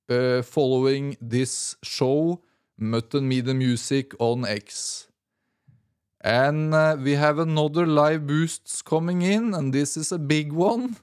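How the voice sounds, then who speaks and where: A man hosting a music podcast, talking in a casual, halting way with many "uh" fillers as he reads out listener thanks. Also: medium pitch, a little mellow, smooth. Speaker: podcast music show host.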